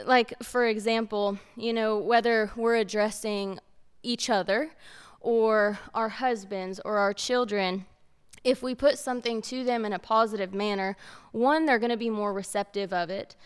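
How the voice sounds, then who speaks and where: A woman's voice: medium pitch, clear, resonant tone. A woman, co-hosting a faith-based talk show and telling stories earnestly. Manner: earnest, storytelling, repeats for emphasis. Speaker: podcast co-host. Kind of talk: casual faith-based chat.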